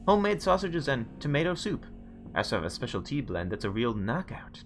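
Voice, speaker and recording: A man putting on a creepy backwoods innkeeper from a video game, grinning and lisping, with a voice pitched higher than his own. He talks slowly and overly cheerfully, stressing words oddly and swinging the pitch up and down. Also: big pitch swings, natural voice. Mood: sinister. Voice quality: lisping, odd word stress. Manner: slow, overly cheerful and polite. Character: creepy grinning male innkeeper-butcher with a lisp. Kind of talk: video game dialogue reading.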